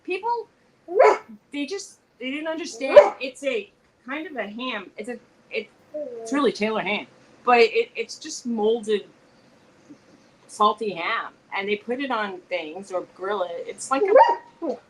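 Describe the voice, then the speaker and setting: A woman co-hosting a casual live-stream chat, telling stories with lively quoted dialogue. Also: fairly high pitch, measured pace, pauses often, heavy background noise. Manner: chatty, animated storytelling with quoted dialogue. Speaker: co-host. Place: home.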